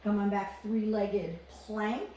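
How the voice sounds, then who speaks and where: Woman, yoga instructor, calm encouraging cues, very roomy echo, faint background hiss. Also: mid-range voice, takes it slowly, lo-fi sound. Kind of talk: guided yoga class instruction. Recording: echoey room, distant from mic.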